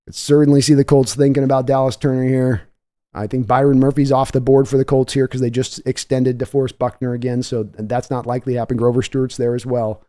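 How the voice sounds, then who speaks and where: A man hosting a live-streamed draft show, talking in a chatty, excitable way and reading viewer donations aloud. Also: medium pitch, fast. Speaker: livestream draft host.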